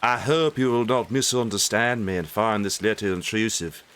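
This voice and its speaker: A man's voice: lowish voice, fairly bright tone. A man reading a formal letter in a put-on English accent, voicing a courteous, stiff male correspondent.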